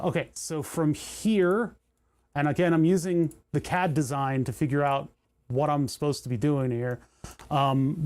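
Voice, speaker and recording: A man talks his way through a soldering job on a livestream, rambling and tossing off little jokes as he works. His voice sits a touch high for a man but sounds dark and mellow. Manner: rambling, joking asides, thinking aloud. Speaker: livestream host building electronics. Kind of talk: casual livestream chat while soldering.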